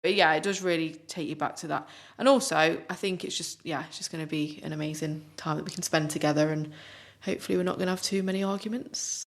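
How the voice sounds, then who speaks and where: Chatty young woman, lowish voice. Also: fairly even intonation, fast, few pauses. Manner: chatty and upbeat, many "like" fillers. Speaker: podcast co-host. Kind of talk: casual podcast chat.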